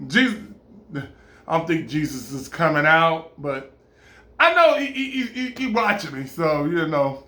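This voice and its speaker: A man talking in a rambling, casual monologue, animated and stammering, often laughing and breaking into playful impressions. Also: high voice, echoey room, a little hiss or hum.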